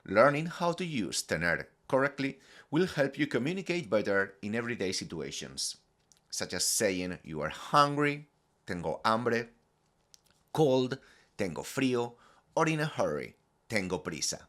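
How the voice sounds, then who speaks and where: A man teaching a scripted Spanish lesson, modelling phrases clearly and deliberately for learners to repeat. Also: medium pitch, very animated, fairly bright tone.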